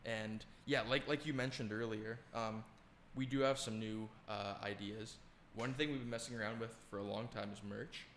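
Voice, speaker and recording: Laid-back young man, lowish voice, echoey room. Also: moderate pace, hardly any pauses, a little hiss or hum. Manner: relaxed, rambling, lots of fillers. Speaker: podcast co-host. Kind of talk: casual chat.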